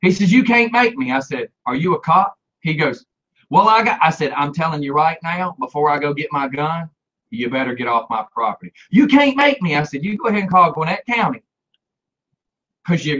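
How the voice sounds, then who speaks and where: A man tells a rowdy story in casual chat, high-pitched and bright-toned. He throws himself into the quoted voices and laughs often. The sound is dull and lo-fi. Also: lively intonation, brisk.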